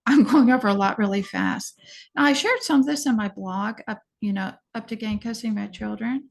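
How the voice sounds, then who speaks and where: A middle-aged woman, a podcast guest, telling her personal story in an earnest, hurried way and often restarting sentences. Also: on the high side, gravelly.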